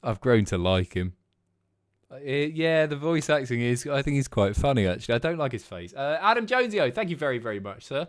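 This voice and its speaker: A man's voice: medium pitch, sing-song, fairly quick, dry recording. A man casually commentating on a stream, sweary and mocking.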